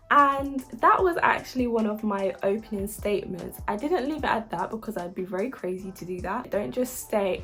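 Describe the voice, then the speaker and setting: A woman's voice: mid-range voice, a bit bright. Young woman, vlogger, casual advice, chatty, upbeat, fillers, faint background music. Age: young adult. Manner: chatty and upbeat, lots of likes and ums. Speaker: vlogger giving university application tips.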